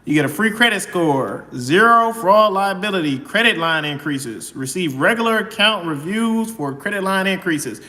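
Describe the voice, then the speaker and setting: A high, very bright-voiced man bubbling over with hurried excitement, saying the same thing twice or three times as he rushes through a comic skit. His voice rings around a bare, echoey room with a long reverb tail. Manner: excitable, rushed, repeats himself constantly. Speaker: host of a credit advice channel. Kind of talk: comic skit applying for a credit card.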